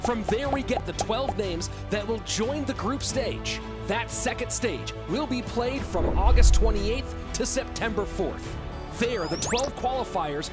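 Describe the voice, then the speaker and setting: A man's voice: extremely high pitch, animated, unhurried. A man giving an upbeat, scripted narration for a tournament promo video. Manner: upbeat announcer read. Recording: narration over loud music. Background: loud music.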